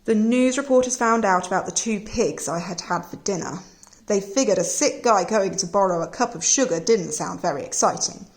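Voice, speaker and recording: A sly male wolf from a storybook tells his side of things in a chatty, wheedling tone, read aloud by a woman. The delivery is gentle storybook narration, aggrieved and a little sly rather than fierce. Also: medium pitch, close to an everyday voice.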